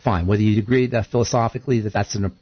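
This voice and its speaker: A man co-hosting a radio talk show, an animated storyteller who voices the figures in his stories. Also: on the low side, racing, breathy edge, no echo, lo-fi sound. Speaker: co-host.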